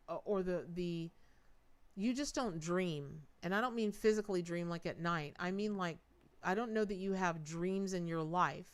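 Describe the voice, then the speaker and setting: A woman's voice: mid-range voice, smooth. A woman giving a tarot reading on a live stream, chatty, repeating words for emphasis and talking straight to her viewers. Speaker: tarot reader.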